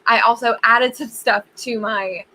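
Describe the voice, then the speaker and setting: A woman's voice: on the high side, steady tone, unhurried, slight background noise, poor audio. A woman chatting as a guest on a writing livestream, laughing easily. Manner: warm, laughing. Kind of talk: casual chat on a writing livestream.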